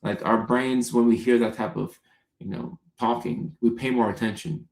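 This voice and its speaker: A man hosting a casual livestream, answering viewers' comments by name in an unhurried, conversational way. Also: mid-range voice, steady tone, darkish tone, reverberant. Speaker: comedian and livestream host answering chat.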